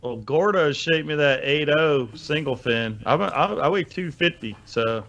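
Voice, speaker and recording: A man co-hosting a podcast, relaxed and brief, giving friendly shout-outs. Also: on the high side, unhurried. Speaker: podcast co-host. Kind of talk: casual interview chat. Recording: dull, lo-fi podcast audio.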